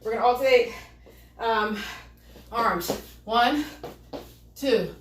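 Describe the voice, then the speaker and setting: A woman's voice: a little high, slow, recorded from a distance, slight background noise. A woman leading a live home workout, cheering viewers on and greeting them as she exercises, out of breath. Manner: upbeat coaching, greeting viewers. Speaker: fitness instructor. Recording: echoey room, voice from afar.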